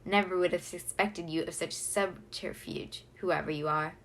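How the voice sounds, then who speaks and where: A woman's voice: lowish voice, fairly even intonation, moderate pace, a bit bright, a little hiss or hum. A woman voicing a charming, playful young Englishman with an English accent, reading a storybook. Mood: teasing. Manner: playful, exaggerated delight.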